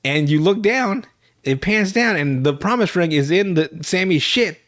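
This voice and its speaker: With a high, expressive voice at a normal pace, this young man hosts a podcast and meanders through a TV episode recap full of swearing. His own telling keeps setting off loud laughter.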